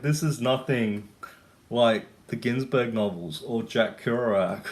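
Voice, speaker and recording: A man's voice: medium pitch, slow pace, slight background noise. A young Australian man ranting casually to camera, rambling and swearing with lots of fillers. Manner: rambling, profane, full of fillers. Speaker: vlogger.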